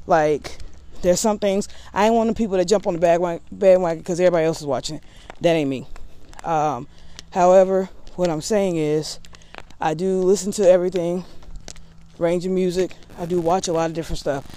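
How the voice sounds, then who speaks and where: A woman's voice: on the low side, brisk, warm tone. A woman vlogger in casual talk to camera, candid and rambling with a sassy edge.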